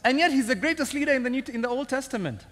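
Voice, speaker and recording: A Kenyan man preaching with a high, lively voice that leaps around as he acts out characters and jokes with the congregation. His sermon rings with long reverb through a large church hall. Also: rapid-fire. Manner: animated and humorous, acting out characters, laughing often. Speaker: senior pastor.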